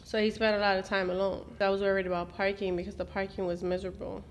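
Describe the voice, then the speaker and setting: A woman's voice: mid-range voice, little pitch movement, quick pace, slight background noise. A middle-aged mother talking through family memories, switching into Spanish and acting out what people said. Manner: switches into Spanish, acts out quotes. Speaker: mother and host. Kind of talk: emotional family reminiscing.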